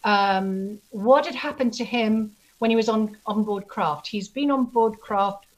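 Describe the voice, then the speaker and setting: A woman guest and author telling stories in a casual interview, animated and full of restarts. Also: medium pitch, measured pace, poor audio. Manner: animated storyteller, many restarts. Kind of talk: casual video interview chat.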